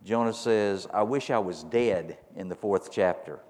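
A man's voice: on the low side, unhurried, darkish tone. A man preaching a sermon as pastor to his congregation, firing repeated rhetorical questions that build to emphatic peaks. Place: church sanctuary. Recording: long reverb of a large hall.

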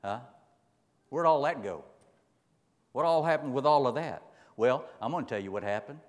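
Folksy preacher in echoing hall. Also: male voice, medium pitch, animated, normal speed. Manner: folksy, emphatic, dramatic swings in loudness. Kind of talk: sermon.

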